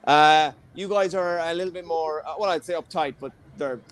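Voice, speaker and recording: A man's voice: on the high side, moderate pace. A young Irish man hosting an online comedy show over a video call, rambling and cheeky in a self-deprecating stand-up set. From Ireland. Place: home, streamed online.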